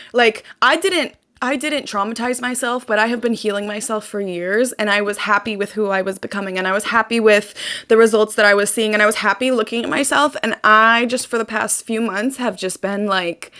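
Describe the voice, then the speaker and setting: A woman's voice: on the high side, fairly even intonation, normal speed, a bit bright. A young woman hosting her own channel, ranting bluntly and emotionally, swearing often and repeating phrases for emphasis. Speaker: channel host. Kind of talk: emotional personal rant.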